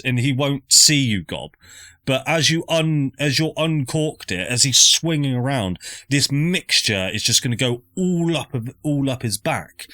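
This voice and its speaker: A man's voice: medium pitch, lively intonation, unhurried, bright, forceful tone, no room sound. A man narrating a tabletop game as dungeon master, with lots of fillers and hesitations.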